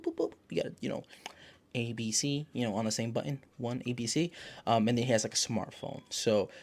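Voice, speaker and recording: A man hosting his own channel, giving a casual, rambling, profanity-laced recap of a TV episode. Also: medium pitch. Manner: rambling, profane, self-correcting. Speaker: show host.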